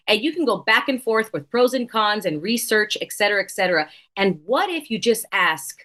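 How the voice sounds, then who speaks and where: A woman's voice: mid-range voice, sing-song, brisk, hardly any pauses, a bit bright. Earnest woman guest, repeats for emphasis. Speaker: podcast guest. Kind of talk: casual interview conversation.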